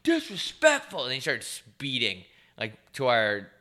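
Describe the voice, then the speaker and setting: A man's voice: mid-range voice, animated, brisk, pushed and bright. A young man co-hosting a podcast, telling stories in a laid-back, profane way and mimicking other people's voices. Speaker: podcast co-host. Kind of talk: casual chat.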